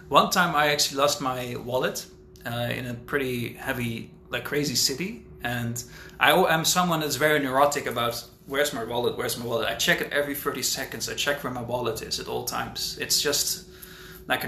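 Bright-voiced man chatting on a livestream. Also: mid-range voice, normal speed, a little hiss or hum. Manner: rambling, talkative, thinks out loud. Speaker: author hosting a live Q&A. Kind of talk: casual livestream chat. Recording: roomy echo with faint ambience.

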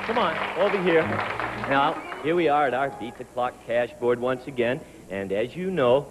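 A man's voice: medium pitch, expressive, over a noisy crowd. A man hosting a 1970s television game show, upbeat and jokey, walking contestants through their stunts on a studio stage. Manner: brisk, jokey, giving instructions to contestants. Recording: 1970s TV studio with long reverb and music.

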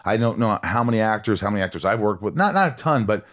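A man's voice: on the low side, quick pace. A man hosting a podcast, chatting casually with his guest and acting out quotes as he talks. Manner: animated, acts out quotes. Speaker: podcast host. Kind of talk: casual interview chat.

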